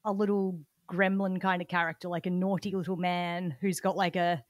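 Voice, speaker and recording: A woman co-hosting a podcast in casual chat, playful and quick to joke. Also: on the low side, flat delivery, no echo, studio quality. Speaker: podcast co-host.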